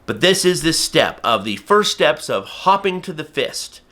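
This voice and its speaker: Bright, energetic man teaching falconry. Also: on the high side, measured pace. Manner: energetic, emphatic, acts out bird and viewer voices. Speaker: falconry instructor. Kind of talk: instructional talk to camera.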